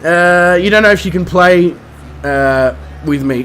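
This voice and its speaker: A man's voice: a little high, level tone, a little slow, a bit bright, slight background noise. A man with an Australian accent, streaming a flight game and chatting casually with his viewers in a rambling, self-mocking way. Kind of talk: casual chat with live viewers.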